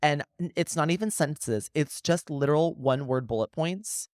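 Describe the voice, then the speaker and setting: A woman in her twenties co-hosting a podcast, chatting casually and jumping in with quick reactions. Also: low-pitched, animated, darkish tone, no echo, clean studio sound. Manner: chimes in with short reactions and advice. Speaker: podcast co-host. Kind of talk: casual chat.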